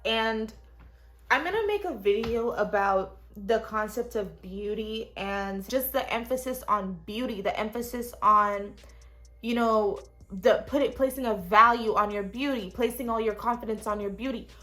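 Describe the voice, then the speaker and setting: A woman's voice: on the high side, moderate pace, a bit bright. Chatty young woman vlogger, frank. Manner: chatty, frank, swears casually, talks straight to viewers. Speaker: lifestyle vlogger. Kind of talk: casual self-help vlog talk. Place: small cluttered studio apartment.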